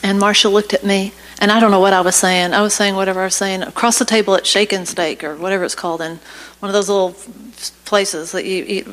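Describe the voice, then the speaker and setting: In a church sanctuary, a woman speaking as a guest tells a personal story that builds into passionate exhortation, a preaching testimony. Her mid-range voice is steady and a bit bright, and she talks quickly. The recording is rough.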